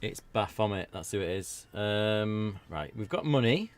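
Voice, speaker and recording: Speaking at a measured pace in a fairly low voice with lively intonation, a British streamer narrates his video game playthrough. The talk is casual and rambling, chatty, full of jokes on the side.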